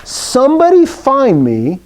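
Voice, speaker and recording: A man's voice: very high-pitched, wildly swooping pitch, slow, poor audio. A man teaching a Greek class, explaining rules playfully and asking his students questions. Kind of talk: live classroom lesson.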